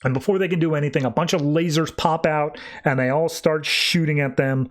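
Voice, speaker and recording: Higher-voiced man casually recapping comics. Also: fairly even intonation, fairly quick. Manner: chatty, paraphrases dialogue loosely with filler words. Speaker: podcast host.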